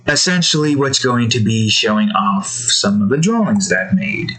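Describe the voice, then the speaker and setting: A man's voice: medium pitch, expressive, normal speed, pushed and bright, rough recording. Man, casual drawing commentary, rambling, self-correcting, slightly out of breath. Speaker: drawing video creator.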